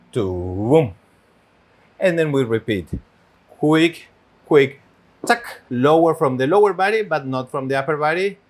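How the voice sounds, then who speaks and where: A man co-teaching tango who explains the technique step by step and speaks to the leaders. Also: a little high. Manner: explains technique and agrees with partner. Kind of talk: dance lesson instruction.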